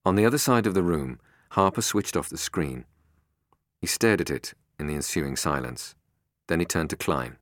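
A man narrating an audiobook in a measured, expressive way. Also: a bass voice, dry recording, studio quality. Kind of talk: scripted narration.

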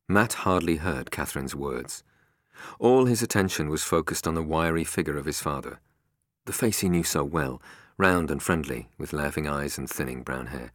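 A male narrator reading an audiobook in a measured, expressive manner. His voice is extremely deep yet lively in pitch. The recording is dry and close. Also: no echo. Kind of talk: scripted narration.

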